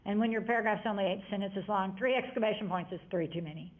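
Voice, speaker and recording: A woman's voice: mid-range voice, fast talker. A woman teacher giving a grammar lesson to a class, chatty and prone to rambling asides as she explains. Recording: tinny lo-fi classroom audio.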